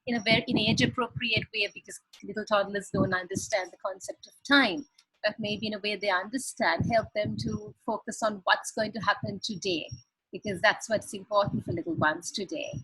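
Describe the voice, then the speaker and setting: A woman's voice: mid-range voice, steady tone, normal speed, a bit bright, breathy edge, no echo, rough recording. A woman giving earnest parenting advice on a video call, explaining with examples. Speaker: parenting guest expert.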